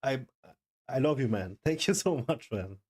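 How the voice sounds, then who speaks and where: A young man streaming live, overwhelmed and excited, talking in loose slang and swearing. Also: medium pitch, normal speed. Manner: excited, stunned, swearing, calls everyone bro. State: overwhelmed, shaking. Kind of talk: live stream reaction chat.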